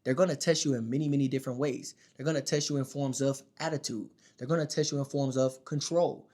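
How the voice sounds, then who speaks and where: A man giving dating advice in a casual monologue to the camera, emphatic and slangy, often checking in with his listeners. His voice is not especially deep. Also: fairly even intonation, fast talker, a little mellow. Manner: emphatic, slangy, keeps checking in with "all right?" and "my dog".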